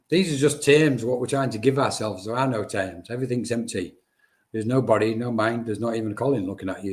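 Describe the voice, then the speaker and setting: A man giving spirit readings on a live stream, speaking in a chatty, reassuring way. He calls out to viewers by name as he talks. His voice sits in an ordinary middle pitch. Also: darkish tone. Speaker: medium.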